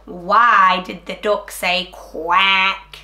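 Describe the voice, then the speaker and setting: A woman reading a rhyming picture book aloud to children in an animated, sing-song way, then talking to them directly. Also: mid-range voice, very slow, roomy sound. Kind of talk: storybook read-aloud for children.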